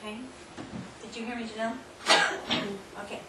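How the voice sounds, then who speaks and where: A woman with a fairly high voice runs a hands-on demonstration in front of an audience, coaxing volunteers and laughing often. She is heard from far off in a roomy, echoing hall. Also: little pitch movement, a little fast. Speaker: seminar speaker. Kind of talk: live workshop demonstration. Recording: distant, echoey room recording with noise.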